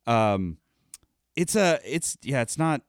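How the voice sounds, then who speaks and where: Lively, laughing man in casual chat. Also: medium pitch, slow, no echo, clean studio sound. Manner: laughs often, rambling with fillers.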